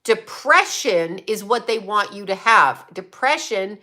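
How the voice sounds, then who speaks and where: A woman's voice: mid-range voice, expressive, measured pace, pushed and bright. A woman hosting a casual livestream, answering viewers in a rambling, blunt and profane way. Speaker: psychic medium livestream host.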